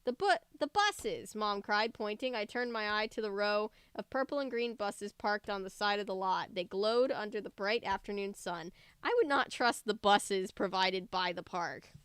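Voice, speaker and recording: A young woman reading a story aloud, giving the dialogue lively voices and breaking off for chatty, joking asides. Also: medium pitch, moderate pace, hardly any pauses, clear, resonant tone, dry recording. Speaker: reader of a book aloud.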